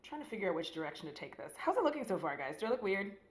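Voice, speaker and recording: A woman's voice: mid-range voice, sing-song, very fast, reverberant, a little hiss or hum, low-quality recording. A woman beauty vlogger chatting casually while doing her makeup, rambling in a slangy, profane way with lots of "like.".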